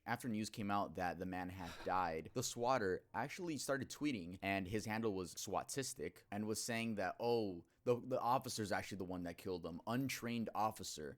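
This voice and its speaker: A man narrating a true-crime video in a blunt, conversational way. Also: sits low.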